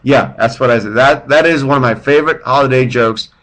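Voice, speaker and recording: A man's voice: mid-range voice, fairly quick, a bit bright. Man, podcast host, rambling off-the-cuff monologue, self-deprecating jokes. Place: at home, drinking beer while his partner sleeps.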